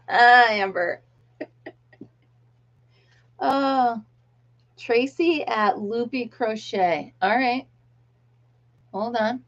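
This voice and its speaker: A woman's voice: fairly high pitch, drawn-out words, long pauses, fairly bright tone. A middle-aged American woman hosting a casual live chat, reading viewer comments aloud and laughing often. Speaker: livestream host. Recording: dull lo-fi livestream audio.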